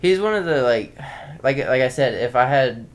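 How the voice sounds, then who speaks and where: A man's voice: medium pitch, lively intonation, normal speed. A young man from Houston, an amateur fighter guest, talking casually and often asking "you know what I mean". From Houston, Texas. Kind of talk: casual interview chat.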